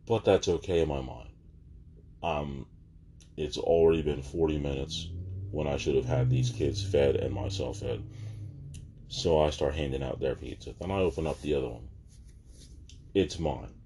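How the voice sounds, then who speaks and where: Deep-voiced man ranting in exasperation. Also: dark tone, a little hiss or hum. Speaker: vlogger. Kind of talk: casual storytelling.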